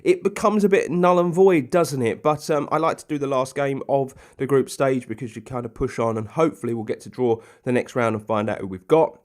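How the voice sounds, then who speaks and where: A man's voice: medium pitch, brisk, hardly any pauses. A young man casually commentating a football management game, chatty and rambling with plenty of ums and asides. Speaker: gaming commentator.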